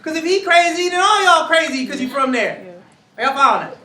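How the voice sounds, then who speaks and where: A man giving an energetic, slangy talk to college students, acting out voices as he preaches. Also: very high-pitched, brisk. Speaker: speaker to students. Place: large room with audience. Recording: echoey room, voice from far off.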